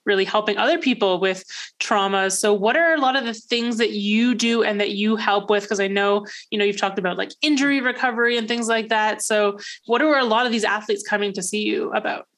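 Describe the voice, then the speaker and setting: A woman's voice: mid-range voice, brisk, fairly bright tone. A woman interviewer asking questions in a casual, conversational way with fillers like "you know" and "like".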